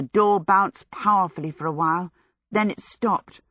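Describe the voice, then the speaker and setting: This is audiobook narration by a woman with a fairly low pitch, told in a calm, even storytelling style. The recording is dry and of studio quality.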